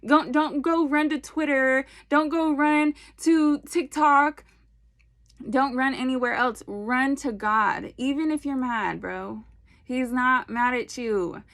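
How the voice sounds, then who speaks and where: A woman talks straight into her phone, preaching about faith in a loose, slangy way. Her voice sits a little high and turns animated, with playful asides between the earnest points. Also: slow pace. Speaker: faith video host. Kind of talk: casual faith talk to camera.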